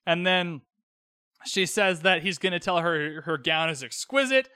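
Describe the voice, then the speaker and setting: On his solo podcast, a young man from Canada runs through a show recap in a chatty, cheeky way, tossing in quick quoted asides. The voice is high with lively intonation and a sharp yet smooth tone, recorded at studio quality with no echo.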